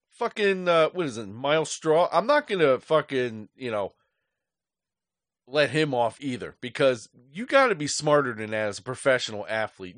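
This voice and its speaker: A man's voice: a little high, fairly bright tone, no room sound, studio quality. A man hosting his own podcast, ranting angrily about sports fans and swearing constantly. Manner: angry, profane ranting. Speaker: podcast host. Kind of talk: solo podcast rant.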